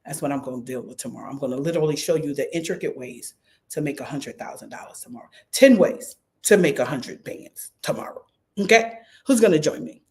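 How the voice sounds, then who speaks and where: A middle-aged woman pastor with a Philadelphia accent speaks to her livestream audience. Her voice sits fairly low for a woman. She talks in an animated, repetitive way and keeps calling out to viewers by name. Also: a little fast. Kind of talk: livestream preaching and fundraising talk.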